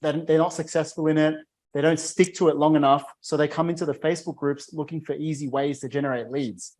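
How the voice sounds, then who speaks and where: A man's voice: fairly high pitch, steady tone, a little fast, a little mellow. A man hosting a casual interview, laid-back and friendly in his phrasing, saying dude and man. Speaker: podcast host.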